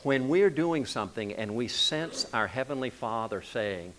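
A male pastor delivering a sermon in a relaxed, conversational style. He tells stories and talks to the congregation plainly, often restarting a phrase mid-thought. His voice sits in an ordinary middle pitch for a man. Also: normal speed, slight background noise, rough recording. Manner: conversational storytelling preacher, frequent restarts.

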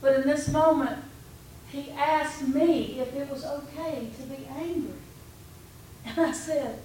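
A woman pastor delivers a sermon, relaxed and conversational, slipping into little stories and the dialogue she had with people. Her voice sits a bit high and comes from some distance off the mic. The room is very echoey, with a faint hum of noise underneath. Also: normal speed. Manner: conversational storytelling preaching, quoting her own talks.

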